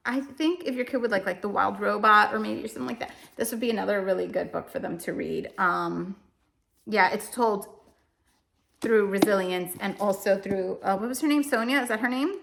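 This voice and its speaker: Chatty woman with a gravelly edge. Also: mid-range voice, moderate pace, a bit bright. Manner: chatty and rambling, corrects herself often; emotional, self-deprecating. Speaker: homeschooling parent reviewing books. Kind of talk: casual chat.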